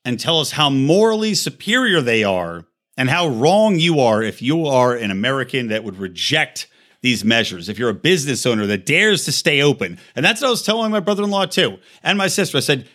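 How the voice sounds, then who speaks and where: Male podcast host, mid-pitched voice, heated profane monologue delivery. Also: big pitch swings, brisk, a bit bright. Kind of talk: ranting monologue.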